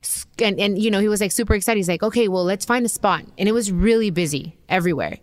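A woman host casually telling a personal story, chatty and animated, full of asides and quoted dialogue. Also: mid-range voice, quick pace, dry recording, clean studio sound. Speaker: podcast host.

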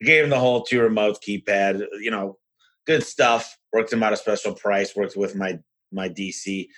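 A husky man with a low voice hosts a podcast with casual, rambling stories. His tone is forceful and bright, and his manner is energetic and frank. He talks like a business owner chatting freely. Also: moderate pace. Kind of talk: casual conversational storytelling.

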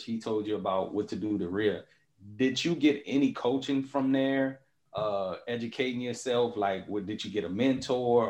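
A man hosting an interview in a relaxed, casual way, often saying "man". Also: fairly low pitch. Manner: relaxed, says "man" a lot. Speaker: podcast host. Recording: roomy echo.

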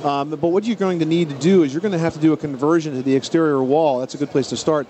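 A middle-aged man hosting a radio call-in advice show, explaining home repairs in a brisk, knowledgeable way. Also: on the high side, steady tone, mellow.

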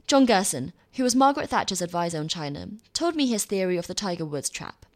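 A woman reading her own opinion column aloud with a wry, lively delivery. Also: on the low side, fast talker.

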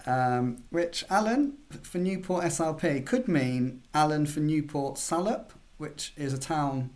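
Male journalist, podcast co-host. Mid-pitched voice, chatty, hesitant, restarts a lot. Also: a little mellow. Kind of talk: casual podcast chat.

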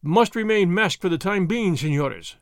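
This bold masked highwayman, performed by a man reading a storybook, lectures with haughty contempt in a commanding mood. The high, animated voice swings widely in pitch at a moderate pace, captured dry and close with no room sound.

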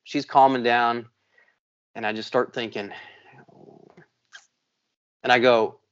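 A man's voice: mid-range voice, slow, no echo. Profane storytelling man, dry and dull. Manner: profane, animated storyteller acting out quotes. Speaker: podcast co-host. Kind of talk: casual storytelling.

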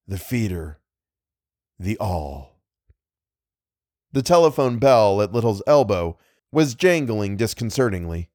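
A man narrating a horror story in a measured, dramatic reading. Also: fairly low pitch, a little mellow, dry recording, studio quality. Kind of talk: scripted horror fiction reading.

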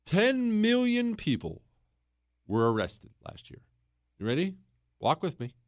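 Male talk host, slightly high voice, emphatic storyteller, dry close recording. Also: huge pitch swings, unhurried, no room sound. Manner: storytelling, mimics others in quotes, emphatic repetition. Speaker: podcast host. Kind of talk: opinionated monologue.

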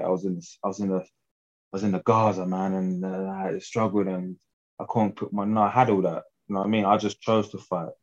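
A man's voice: sits low, a little mellow, highs cut off. A young English man talking as a guest fighter in a casual interview, laid-back and slangy, often laughing.

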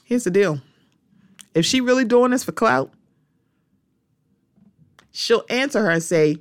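A woman hosting her own podcast, giving her opinions in a casual, animated monologue and talking straight to her listeners. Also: medium pitch, unhurried, pauses often, no room sound. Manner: animated, repeats "the thing about it is", talks straight to listeners. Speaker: podcast host.

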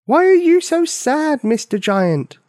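A small, determined girl pipes up high and loud, pressing her point, as a male narrator puts her on. The pitch jumps well above his normal voice, in a storybook reading with a dry, close sound. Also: huge pitch swings, normal speed, dry recording, full character voice. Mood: yelling. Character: small brave young girl, bold and insistent.

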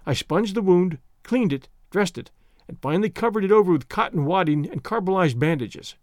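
Expressive male audiobook narrator. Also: sits high, no echo, clean studio sound. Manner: measured, expressive storytelling. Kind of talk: audiobook reading of a classic story.

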